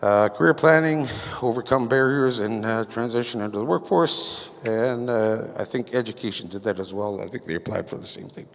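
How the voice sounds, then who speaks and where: A man giving a council portfolio report at a community meeting, halting with many fillers and reading from his notes. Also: on the low side, gravelly. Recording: echoey meeting hall reverb.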